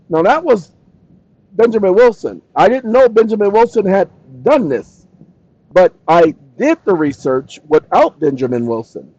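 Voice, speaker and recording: A man hosting his own channel who rambles and jokes to himself, then reads long passages aloud slowly and deliberately, speaking the punctuation. He talks. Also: high voice, sing-song, darkish tone, no echo, lo-fi sound. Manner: slow, deliberate reading with dictated punctuation. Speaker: channel host. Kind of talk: casual solo talk, reading aloud from a screen.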